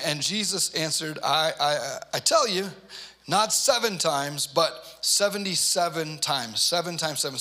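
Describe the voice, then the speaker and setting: A pastor delivering a sermon in a conversational way, reading scripture aloud and often restarting with repeated words. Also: male voice, fairly high pitch, sharp tone.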